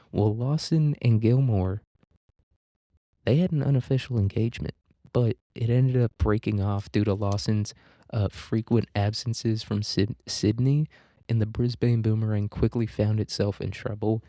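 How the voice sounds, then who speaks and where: A man's voice: lowish voice, warm tone, no room sound. A young man hosting a casual history podcast, loose and profane, joking with lots of fillers and asides. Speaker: podcast host.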